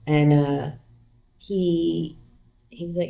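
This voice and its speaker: Middle-aged woman guest, low gravelly voice, mellow, rambling chatty storytelling with lots of "like". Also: normal speed, lo-fi sound. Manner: chatty, retells with quoted dialogue and many fillers. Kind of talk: casual interview storytelling.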